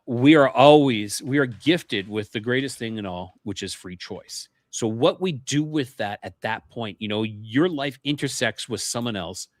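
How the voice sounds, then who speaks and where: Here a man of medium pitch and fairly bright tone is captured in a dry, clean studio recording. As a paranormal interview podcast guest, he earnestly relates his experiences, often restarting and repeating words when he begins a sentence.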